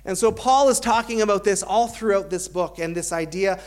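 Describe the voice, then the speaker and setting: A man's voice: high voice, brisk. A man preaching a sermon as a pastor, earnest, building to emphatic points, with dry self-aware humor.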